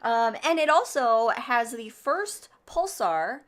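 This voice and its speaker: A woman's voice: fairly high pitch, sing-song, slow pace, a bit bright. Chatty woman rambling through astronomy notes. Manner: rambling, chatty explaining with many fillers. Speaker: podcast co-host presenting sky events. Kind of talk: casual chat.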